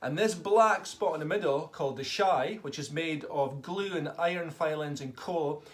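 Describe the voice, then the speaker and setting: A man's voice: fairly high pitch, moderate pace. Enthusiastic man teaching tabla. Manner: enthusiastic, calls out drum syllables for children to repeat. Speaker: tabla tutor. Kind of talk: online music lesson for children.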